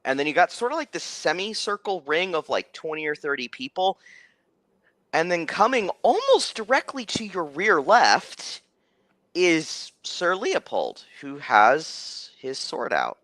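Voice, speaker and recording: A young man narrating as game master, rambling with many halting restarts. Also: fairly high pitch, sing-song, a bit bright, no room sound.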